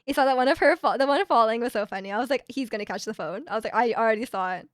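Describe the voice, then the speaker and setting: A woman's voice: on the high side, racing, dry recording. Chatty young woman streamer, dry sound. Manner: chatty, rambling retelling with fillers and laughs. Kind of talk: casual chat with stream chat.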